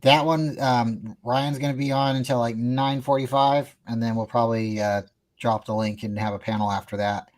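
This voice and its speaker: Male live stream host, easygoing, mid-pitched, handles announcements. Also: moderate pace. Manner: relaxed, wraps up with schedule announcements. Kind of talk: casual live stream chat.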